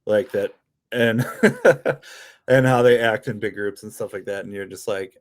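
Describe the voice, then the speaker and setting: Lower-voiced man, forty, reflective. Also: measured pace. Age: 40s. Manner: relaxed and reflective, leans on "you know what I mean". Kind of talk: casual podcast conversation.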